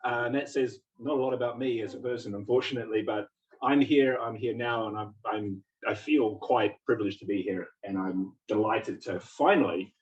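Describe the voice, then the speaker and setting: At a community gathering in a meeting house, a visiting physics lecturer, a man in his forties from New Zealand with an English-tinged accent, gives a chatty, self-deprecating talk. His lowish, slightly mellow voice runs a little fast with hardly any pauses. The audio is dull, recorded by a distant mic in a roomy hall.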